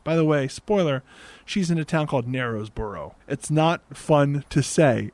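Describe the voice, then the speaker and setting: A young man recapping a movie in a sarcastic, exasperated comedic rant into a desk microphone on a boom arm, swearing now and then. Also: expressive, normal speed, a little mellow, no echo. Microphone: desk mic on a boom arm.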